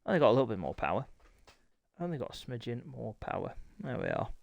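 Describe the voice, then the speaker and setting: A man's voice: medium pitch, very animated, fast talker, vocal fry, a little mellow, no room sound, highs cut off. Young male host, harried and apologetic, streaming a racing league to chat, close dry sound. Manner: harried, apologetic, talking to chat while setting up. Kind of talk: live-stream chat to viewers.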